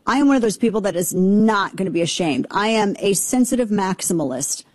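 A woman's voice: mid-range voice, lively intonation, a little fast, no echo. A woman from rural Missouri hosting an opinionated political commentary show, talking in a sarcastic, emphatic and mocking way.

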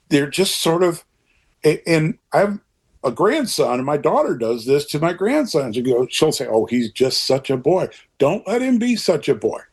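An older man in an interview conversation, talking in an earnest, rambling way with animated asides, his voice a little husky. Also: on the high side.

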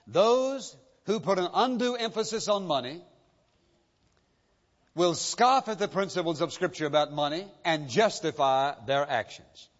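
A middle-aged male pastor preaching a sermon, emphatic and deliberate, repeating key phrases slowly for effect. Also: high-pitched. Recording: dull sound with long church reverb.

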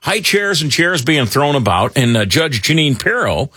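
Animated husky-voiced middle-aged radio host. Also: male voice, fairly high pitch, normal speed, no room sound, clean studio sound. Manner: rambling, animated, with many fillers. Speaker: radio talk show host. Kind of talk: casual talk radio banter.

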